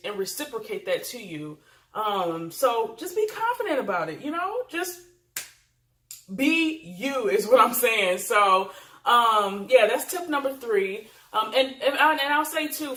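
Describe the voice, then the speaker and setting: A woman's voice: medium pitch, a bit bright. Woman, vlogger, casual advice, chatty, emphatic, roomy echo. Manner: chatty and emphatic, with frequent fillers. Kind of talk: casual advice talk to camera.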